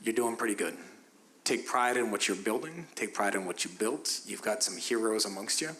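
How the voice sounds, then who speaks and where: A man speaking on a panel, casual with halting starts, then building to emphatic encouragement of the audience. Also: lowish voice, bright, forceful tone, rough recording. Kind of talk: informal panel remarks.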